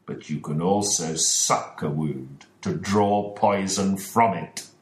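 A man voicing a calm, precise male detective in a storybook reading, explaining in a measured way. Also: low voice. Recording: echoey room.

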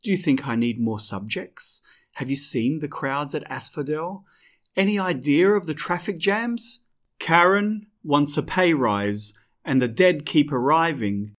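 A man's voice: fairly high pitch, measured pace, a bit bright. A man voicing a towering, wrathful male god of the dead who speaks in an imperious, scornful way.

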